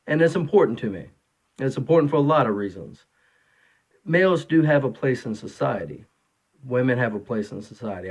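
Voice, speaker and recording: A man's voice: medium pitch, husky. A man in his thirties, a father of three, talking casually and rambling through an opinion monologue, full of fillers and restarts.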